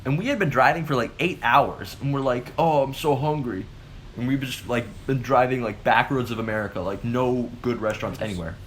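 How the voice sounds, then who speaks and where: A man's voice: mid-range voice, a little fast, hardly any pauses, a little hiss or hum. A man co-hosting a casual chat and telling stories animatedly, with lots of "like" as a filler. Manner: animated storytelling, heavy use of "like". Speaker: co-host.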